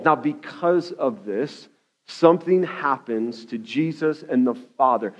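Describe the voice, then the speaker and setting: A man preaching a sermon as a pastor in a church, fervent and loud at the climaxes, with "okay?" asides. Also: medium pitch, a little slow. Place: church sanctuary. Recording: dull lo-fi audio.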